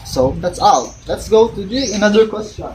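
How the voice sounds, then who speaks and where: A woman's voice: medium pitch, expressive, moderate pace. A young woman, an education student reading out questions from her field study report and answering them, often restarting cut-off words. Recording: noisy recording with ambient noise and birds.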